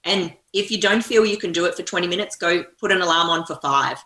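A woman's voice: lowish voice, fast talker, sharp tone. A woman speaking as an interview guest, talking energetically in a coaching tone. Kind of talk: conversational interview. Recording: echoey room.

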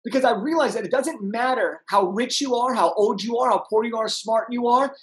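A young man, a podcast guest, telling an energetic story and acting out the people in it. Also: very high voice, fairly quick, rough recording. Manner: animated, acts out voices in his anecdotes.

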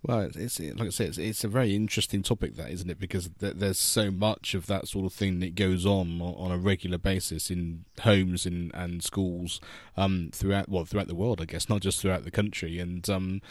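Male host, very deep, dry close sound, rambling hesitant questions. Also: steady tone, fairly quick, no echo. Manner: rambling, hesitant, many restarts. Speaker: interview host. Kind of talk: conversational interview questions.

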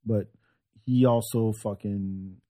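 A man's voice: on the low side, steady tone, takes it slowly, dark tone. A comedian on a podcast in loose casual chat, swearing freely and stammering as he restarts sentences.

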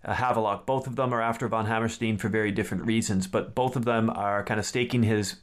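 A man hosting a podcast, chatting casually and reading a story aloud in a steady, measured way. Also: fairly low pitch. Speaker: podcast host.

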